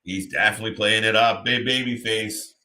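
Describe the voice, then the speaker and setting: A man reacts live as the host of a watch-party stream, his voice low yet bright and forceful. He chats loosely and turns to his viewers by name between remarks. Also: fairly even intonation, fairly quick. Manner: chatty, talks to chat viewers by name.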